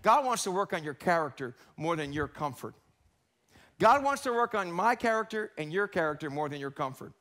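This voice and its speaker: A middle-aged male pastor preaching a sermon in a church, animated and acting out quoted coworkers in short voices. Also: high-pitched, a little fast.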